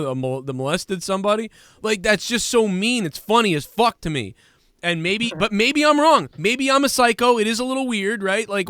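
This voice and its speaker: A man's voice: sits high, fairly bright tone, no echo, studio quality. A man in his thirties hosting a podcast, ranting in casual chat with lots of swearing and mimicking other people's words. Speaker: podcast host.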